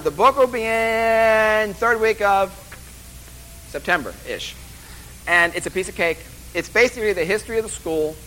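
A man's voice: high-pitched, bright, forceful tone, a little hiss or hum, poor audio. Joking, rambling male lecturer. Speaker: college instructor. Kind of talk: course orientation lecture. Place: classroom or lecture hall.

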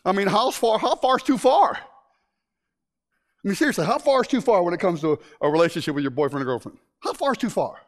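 A man preaching a sermon to a congregation. He jokes, bursts into shouts, and drops to hushed asides. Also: high-pitched, fast talker. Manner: animated and joking, with sudden shouts and hushed asides.

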